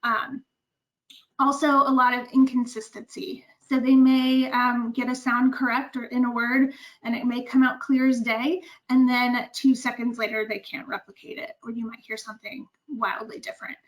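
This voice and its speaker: A woman presenting a webinar as a speech therapist, explaining step by step with frequent filler pauses, on a computer mic. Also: a little high, level tone, rough recording. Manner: explanatory, many ums. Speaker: speech-language pathologist presenter. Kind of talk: webinar lecture.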